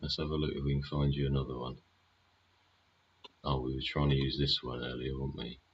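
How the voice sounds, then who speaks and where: Very deep-voiced sardonic streamer. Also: male voice, level tone, fairly quick, dull audio, slight background noise. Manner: chatty, sardonic, swears a lot, asks rhetorical questions. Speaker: livestream host. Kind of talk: casual live-stream commentary.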